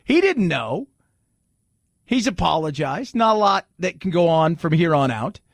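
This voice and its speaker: A man hosts a talk radio show with a swooping, lively delivery and a slightly high voice. He jokes and mocks, now and then slipping into put-on voices. The studio sound is dry and close. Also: measured pace, gravelly, no room sound. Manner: animated and joking, with mocking put-on voices. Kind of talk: opinionated talk radio monologue. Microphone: studio microphone.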